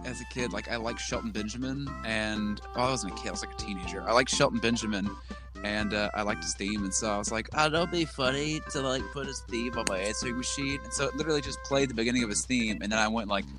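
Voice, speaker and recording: A man's voice: mid-range voice, quick pace, over music. A young man co-hosting a casual podcast, rambling through stories with self-deprecating asides. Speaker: podcast co-host. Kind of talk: casual chat.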